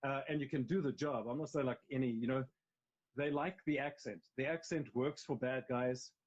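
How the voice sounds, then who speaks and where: A man's voice: mid-range voice, normal speed, highs cut off. A man with a South African accent, an actor chatting in a live interview, talking in long, emphatic runs full of restarts. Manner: rambling, emphatic, frequent restarts. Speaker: actor guest. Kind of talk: casual interview chat. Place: at home on a live video call. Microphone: mobile phone live stream.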